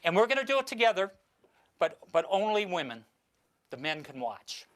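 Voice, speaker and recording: A man on stage works a live audience through a mentalism routine, his voice sitting a little high. He talks in a showy, instructing way, often restarting his sentences mid-thought. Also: sing-song, moderate pace, fairly bright tone. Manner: theatrical, gives instructions, stumbles and restarts.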